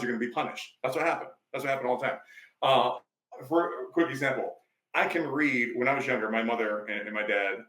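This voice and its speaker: A man's voice: mid-range voice, a bit bright, roomy sound, poor audio. A male life coach, a podcast guest, telling stories emphatically in a preachy, conversational way.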